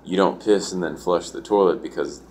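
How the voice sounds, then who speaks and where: A man's voice: deep voice, normal speed, a little mellow, slight background noise. A man telling a story in a rambling, casual way, filling his talk with "like" and swearing. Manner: rambling, full of "like" and profanity.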